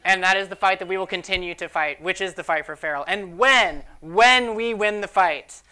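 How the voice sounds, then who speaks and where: Rambling late-night show host, bright voice. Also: medium pitch, moderate pace, clean tone. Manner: rambling, repeats itself, leads a chant. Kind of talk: hosting a live comedy talk show. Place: studio before a live audience.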